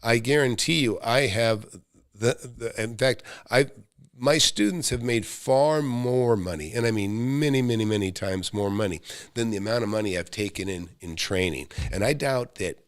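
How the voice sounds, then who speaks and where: Speaking bluntly to viewers on a live stream, this middle-aged real estate coach from the United States answers questions about making money, with occasional swearing and lots of restarts. He talks at a normal speed in a voice on the low side. The sound is clean studio audio without echo.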